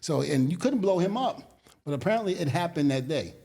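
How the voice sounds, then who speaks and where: A man telling stories in an interview, animated, acting out quotes and laughing often. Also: a little high, a little fast, gravelly. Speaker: guest, former wrestler. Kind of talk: storytelling interview.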